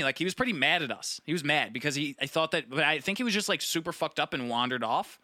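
A man's voice: on the high side, quick pace, no room sound, clean studio sound. A young man telling a long, profane party story in casual chat, acting out his friends' lines. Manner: rambling, profane, animated storytelling; acts out friends' voices.

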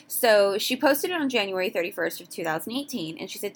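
A woman's voice: mid-range voice, lively intonation, brisk. A young woman hosting a casual solo podcast, talking candidly and rambling with frequent restarts. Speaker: podcast host.

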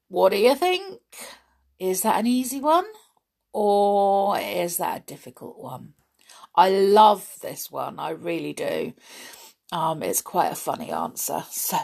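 Slow, gravelly woman host. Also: on the low side. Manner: gentle, slow, with many ums and pauses. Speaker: children's show host. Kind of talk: casual chat to children.

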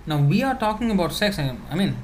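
A man giving a conversational spiritual talk, answering questions with many fillers and restarts, now and then laughing softly. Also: sits high, big pitch swings, fast talker, slight background noise.

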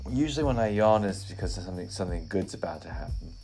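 A man with a lowish voice talks through a late-night podcast in a loose, meandering way. He sounds worn out and a bit tipsy, often breaking off mid-thought and swearing freely. Faint music plays under his voice. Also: animated, fast, dark tone. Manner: rambling, profane, self-interrupting. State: tired, yawning, slightly drunk. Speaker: podcast host.

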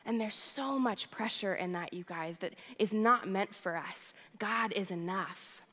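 A woman's voice: mid-range voice, unhurried, a bit bright, long reverb tail. A young adult woman, a worship director, giving a sermon in a chatty storytelling way. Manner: chatty storytelling, addresses crowd as "you guys". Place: church hall.

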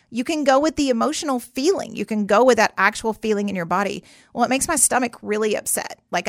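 A woman's voice: mid-range voice, fairly bright tone, dry recording. Conversational woman therapist, dry sound. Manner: conversational, acts out client voices. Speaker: therapist host. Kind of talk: podcast explainer monologue.

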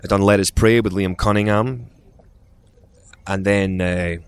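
A man's voice: fairly low pitch, fairly even intonation, measured pace, smooth. A middle-aged Scottish man, an actor, telling stories in a casual interview, rambling with restarts and acted-out quotes. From Scotland. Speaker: actor guest.

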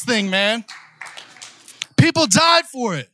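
A young male preacher with a strikingly high voice delivers a fervent sermon. He moves from shouted declarations to loose, slangy asides. The sound is dry and close, with no room around it. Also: moderate pace, no echo. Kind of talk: energetic sermon.

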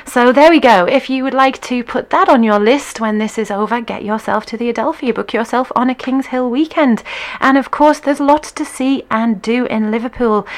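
A woman hosting a dance session, chatting casually and upbeat with viewers and reading their comments aloud. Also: on the high side. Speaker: dance class host. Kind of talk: casual livestream chat.

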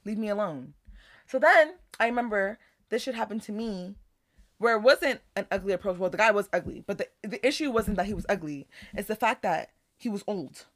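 A young woman from Houston with a Houston accent, co-hosting a podcast and telling stories in a lively, swearing, casual way. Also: mid-range voice, fairly quick, dry recording. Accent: Houston, Texas. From Houston, Texas. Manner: animated, swears freely, mimics people in her stories. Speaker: podcast co-host. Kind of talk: casual storytelling chat.

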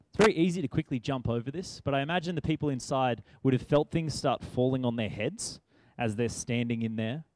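A man's voice: mid-range voice, a little mellow, dry recording. A man preaching a sermon in a conversational way, asking rhetorical questions.

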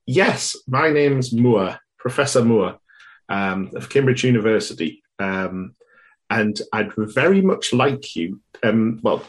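A man's voice: on the low side, lively intonation, slow pace. A man playing a fussy Cambridge professor on a phone call, rambling and hesitant with a pompous edge.

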